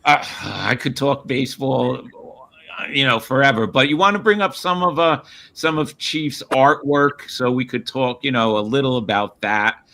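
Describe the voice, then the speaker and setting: A man's voice: mid-range voice, moderate pace, bright, forceful tone. A male podcast host chatting casually with a guest and eagerly asking questions. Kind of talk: casual interview chat.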